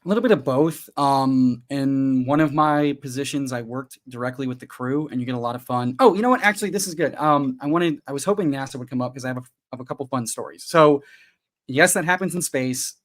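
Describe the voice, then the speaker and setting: A man guesting on a podcast, telling stories in an animated, joking way. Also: mid-range voice, fairly quick. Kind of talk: casual comedic chat.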